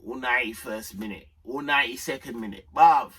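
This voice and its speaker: Young guy ranting about football, slangy, bright voice, sounds a bit far off. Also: brisk, husky. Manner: animated London slang, swings between low muttering and shouting. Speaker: football fan vlogger. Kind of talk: excited match reaction.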